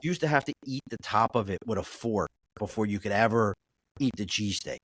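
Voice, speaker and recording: A man's voice: fairly low pitch, fairly quick, fairly bright tone, breathy edge, no echo. A middle-aged man with a Baltimore accent, chatting casually as a podcast guest, blunt and profane in his storytelling. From Mid-Atlantic US. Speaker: podcast guest, business owner. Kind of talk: casual chat.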